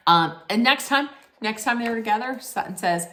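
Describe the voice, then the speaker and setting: A woman's voice: fairly high pitch, lively intonation, normal speed, a bit bright. A woman hosting a casual TV recap, chatty and rambling, often correcting herself mid-sentence. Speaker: host.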